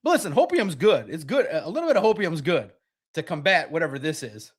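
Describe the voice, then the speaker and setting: A man hosting a casual sports talk livestream, excitable and rambling, with a slightly raspy voice. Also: a little high, fairly quick. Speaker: podcast host.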